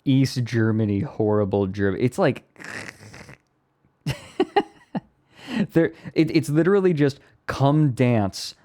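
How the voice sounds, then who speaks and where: A man's voice: mid-range voice, lively intonation, measured pace, long pauses, dark tone. A man live streaming who chats casually, rambling and amused with himself. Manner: rambling, self-amused, breaks into laughter.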